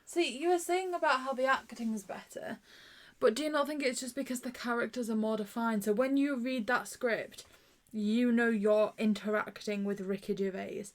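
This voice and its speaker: A woman from the UK co-hosting a review podcast in casual chat, teasing and quick to push back on her co-host. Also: a little high.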